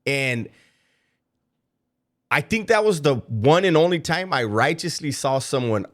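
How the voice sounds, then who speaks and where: A man's voice: on the high side, lively intonation, a little slow, long pauses. A man giving reaction commentary on a played clip, sarcastic and mocking, with a casual storytelling manner.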